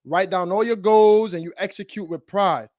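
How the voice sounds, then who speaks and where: Guy doing spoken word over a video call, rhythmic rhymes, kinda high for a man, dry sound. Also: steady tone, moderate pace, a little mellow, dry recording. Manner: rhythmic, rhyming delivery. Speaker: open mic poet.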